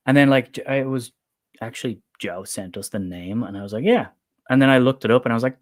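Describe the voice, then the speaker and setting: A man's voice: mid-range voice, fast. Irish guy from dublin, livestream chat, lots of laughing, swears a bit. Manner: lively storytelling, laughs often, swears casually. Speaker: book channel co-host.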